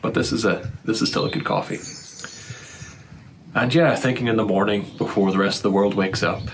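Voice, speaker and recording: An Irish man musing earnestly in a casual monologue, recorded outdoors in the morning with loud birdsong behind him. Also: on the low side, steady tone, fairly quick, a little hiss or hum, poor audio. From Ireland. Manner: thoughtful, earnest, building to heated. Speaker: vlogger.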